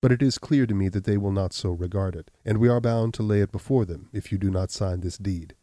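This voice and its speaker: A man doing a stern, measured elder. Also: lowish voice, mellow, no room sound, clean studio sound, natural voice. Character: stern, grave older man confronting a schemer.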